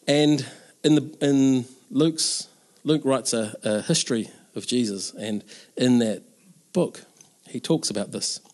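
A man's voice: mid-range voice, slow pace, a little mellow. A man preaching an Easter sermon in an earnest, conversational way, with casual asides.

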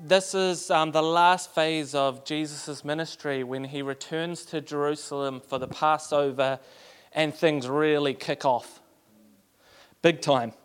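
A man's voice: fairly high pitch, clean tone. A man preaching a sermon in a church, praying with passion and then explaining his text with many fillers. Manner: impassioned, rising prayer; hesitant, filler-heavy explaining. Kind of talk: sermon with prayer.

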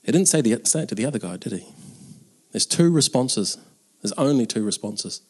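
A man's voice: mid-range voice, expressive, fairly quick, darkish tone, breathy edge. A man preaching an Easter sermon in an earnest, conversational way, with casual asides.

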